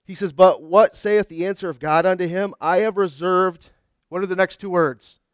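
A man's voice: high-pitched, steady tone, normal speed, clear, resonant tone, no room sound, studio quality. A man preaching a sermon as pastor, earnest and emphatic, with frequent restarts. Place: church sanctuary.

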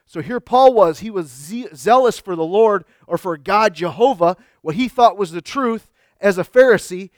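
High-voiced preaching man, dry sound. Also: no room sound. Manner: earnest preaching with frequent restarts and rising emphasis. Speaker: pastor. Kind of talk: sermon. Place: church sanctuary.

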